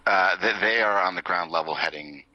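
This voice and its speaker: A man narrating as game master in a tabletop game, relaxed and full of fillers, with the odd chuckle. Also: low voice, a little fast, dry recording, muffled recording.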